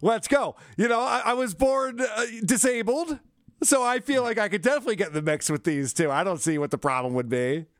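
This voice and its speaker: A man's voice: high-pitched, fairly quick, fairly bright tone, no room sound, studio quality. A man co-hosting a comedy podcast, chatting casually with sarcastic jokes. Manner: sarcastic, jokey. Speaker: podcast co-host.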